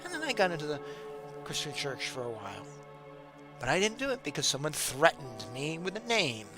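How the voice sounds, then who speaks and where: A middle-aged man talks casually and directly to his viewers, pitching rhetorical questions and chuckling now and then. His voice sits a little high for a man. Music runs steadily underneath. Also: wildly swooping pitch, brisk. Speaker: political commentary host. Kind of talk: casual direct-to-camera monologue.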